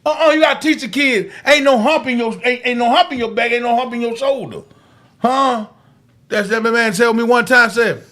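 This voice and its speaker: A man co-hosting a podcast, telling profane, animated childhood stories in casual chat. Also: very high-pitched, moderate pace. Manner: animated, profane storytelling with frequent restarts and laughter. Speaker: podcast co-host.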